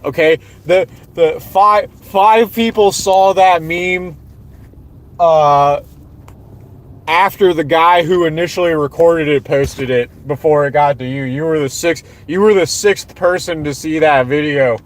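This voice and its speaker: A young man with a Southern American accent holds forth in a long sarcastic rant to his livestream audience. His voice sits a bit high for a man, and he hammers the same mocking lines again and again. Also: measured pace. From Southwest Florida, US. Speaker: livestream host. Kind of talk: ranting livestream monologue.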